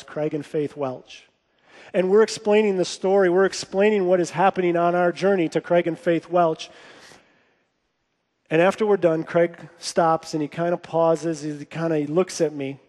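A man with a notably high voice preaches to his congregation. He moves between reading scripture and retelling it in plain, casual words. His voice carries with a long reverb through a large church hall. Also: darkish tone. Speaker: pastor. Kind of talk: sermon. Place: church sanctuary.

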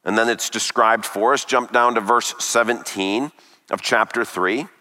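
A man preaching a sermon emphatically, with dramatic pauses and rhetorical questions. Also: mid-range voice, steady tone, bright, forceful tone, big-room sound.

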